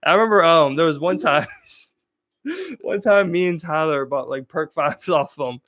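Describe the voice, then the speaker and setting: A man's voice: fairly high pitch, expressive, unhurried, fairly bright tone, dry recording, studio quality. A young man from Maryland telling loose, profane stories as a podcast host, laughing as he goes. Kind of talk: casual chat, storytelling.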